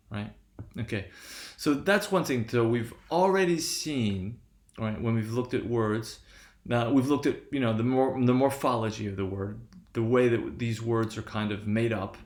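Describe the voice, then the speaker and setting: A man's voice: medium pitch, a little mellow, echoey room. A man giving a lecture, explaining step by step and often checking in with "right?". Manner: frequent "right?" checks, restarts. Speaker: linguistics lecturer.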